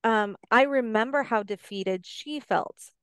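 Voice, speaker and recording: Smooth-voiced woman giving earnest advice. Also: a little high, unhurried, dry recording, studio quality. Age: middle-aged. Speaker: podcast guest, life coach. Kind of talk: casual podcast conversation.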